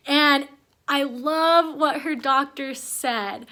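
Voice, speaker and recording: A woman's voice: high-pitched, moderate pace, pushed and bright. A young woman, a first-time mom, chatting to the camera at home in a rambling, emotional, heartfelt way. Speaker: mom vlogger. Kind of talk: casual chat to camera. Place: at home with her baby.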